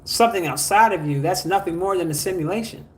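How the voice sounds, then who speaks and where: This spiritual teacher hosts a livestream, speaking fast in a high voice. Between reading out viewer comments, he presses his audience to like, share and donate.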